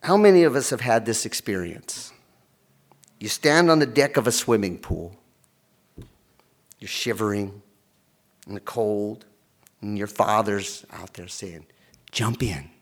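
A man's voice: on the low side, measured pace, pauses often. A middle-aged man preaching a sermon, telling stories and acting out the voices of the people in them. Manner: animated storytelling, acting out voices. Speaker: pastor.

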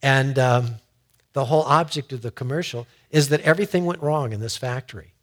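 A man's voice: medium pitch, a little fast, fairly bright tone. A man giving a conversational sermon in a folksy way, often repeating words as he builds a point. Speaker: preacher.

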